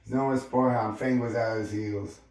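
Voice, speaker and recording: A man reading a novel aloud as an amateur audiobook, halting with frequent slips and restarts. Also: medium pitch, fairly even intonation, a little mellow, far from the mic. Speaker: reader. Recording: very echoey room, voice off-mic, faint music.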